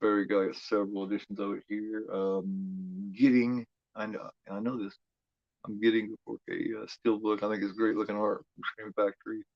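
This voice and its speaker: A man's voice: on the low side, a little mellow, no echo, highs cut off. A man hosting a horror film watch-along, chatting in a rambling, profane way, full of "you know" fillers. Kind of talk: casual live commentary.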